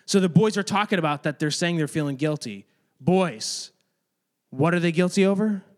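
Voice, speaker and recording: A man's voice: a little high, animated, normal speed. A man giving a casual, chatty Bible lesson to a room of kids, talking to them directly. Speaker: youth or kids' ministry teacher. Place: room with children.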